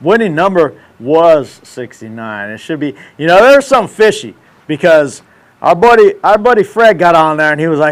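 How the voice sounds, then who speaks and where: A man's voice: a little high, big pitch swings, moderate pace. A man in his thirties hosting a casual livestream, ranting in brash, profane, slangy banter. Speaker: show host.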